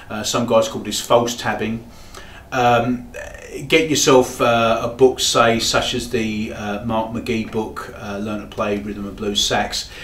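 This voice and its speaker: A man teaches saxophone in a mid-pitched voice, explaining in a halting way with frequent pauses. His voice sounds roomy and echoey, with a faint hum of background noise behind it. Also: a bit bright. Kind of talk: demonstrating tutorial.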